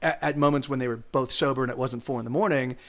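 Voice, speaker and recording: A man's voice: mid-range voice, fairly even intonation, fast talker, fairly bright tone. A man streaming live music, talking casually about writing a song, rambling with many restarts and swearing. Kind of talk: singing original songs, then casual chat.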